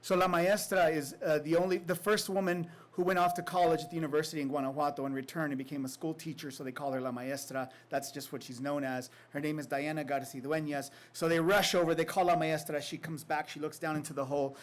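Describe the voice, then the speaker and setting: A man, an author at a literary reading, reading a poem and then telling a story in a reflective, unhurried way with casual fillers. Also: a little high, steady tone. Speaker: author giving a faculty reading.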